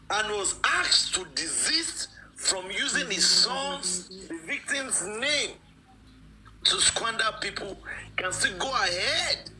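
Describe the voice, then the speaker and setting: A man's voice: high voice, sharp tone, slight background noise, poor audio. A man, speaking as a guest in a live-stream discussion, emphatic and repeating phrases for stress.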